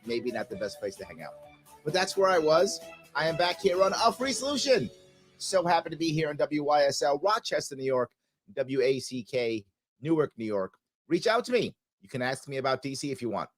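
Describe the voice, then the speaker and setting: A man with a nasal, congested voice hosts a live radio talk show. His pitch swings widely as he argues, throwing rhetorical questions and sarcastic asides. He talks into a studio microphone. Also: sing-song, brisk, soft background music. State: stuffy nasal voice from allergies.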